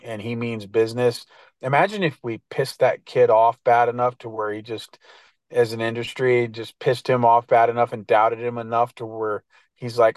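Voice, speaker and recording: A middle-aged man, a guest editor, chats casually on a podcast in a laid-back, slangy manner, full of fillers and restarts. His voice is mid-range and there's no echo.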